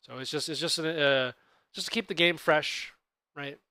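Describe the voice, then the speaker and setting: Give me a relaxed male co-host explaining things casually, with a smooth, resonant voice. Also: fairly high pitch, moderate pace, dry recording. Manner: relaxed, explanatory, self-correcting. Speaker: podcast co-host. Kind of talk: casual tabletop gaming chat.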